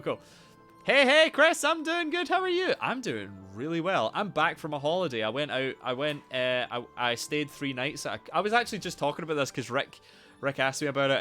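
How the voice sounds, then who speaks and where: A young man chats on a live game stream, his pitch leaping wildly up and down as he loudly greets viewers. His voice is bright and sits a little high, with soft music playing behind him. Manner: animated, loud greetings to viewers; swears casually, rambles. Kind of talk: casual live-stream chat.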